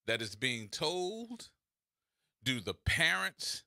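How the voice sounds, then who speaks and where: A man's voice: mid-range voice, animated, slow, sharp tone, dry recording, clean studio sound. A man hosting a radio talk show, delivering opinionated commentary full of sarcastic rhetorical questions.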